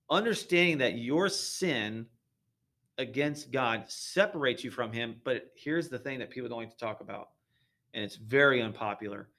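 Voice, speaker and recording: A man talking earnestly about faith in a relaxed podcast conversation, often repeating words as he thinks. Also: medium pitch, vocal fry. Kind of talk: casual religious discussion.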